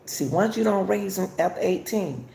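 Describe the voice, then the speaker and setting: Gravelly older woman talking casually. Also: mid-range voice, normal speed, mellow, reverberant. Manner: repetitive, chatty, addresses listeners as y'all. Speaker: host. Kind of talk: casual talk to viewers.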